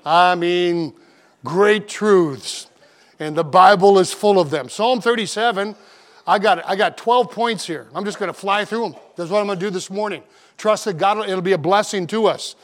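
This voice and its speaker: Guy preaching in a church, highish voice, folksy earnest storytelling, pulpit mic. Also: moderate pace. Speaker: pastor. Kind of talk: sermon with opening prayer. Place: church auditorium.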